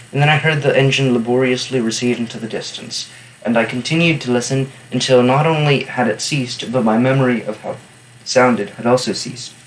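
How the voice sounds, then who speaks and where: A man reading a novel aloud in steady first-person narration, stopping now and then for wry, offhand comments on the text. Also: medium pitch, a little hiss or hum, low-quality recording. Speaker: reader and annotator.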